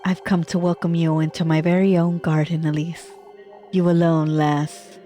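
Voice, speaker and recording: A woman voicing a sly, taunting serpent spirit in a horror game, reading its lines in a slow, mocking way. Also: deep voice, little pitch movement, dark tone, faint music behind, close to an everyday voice. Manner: mocking, calls her lass.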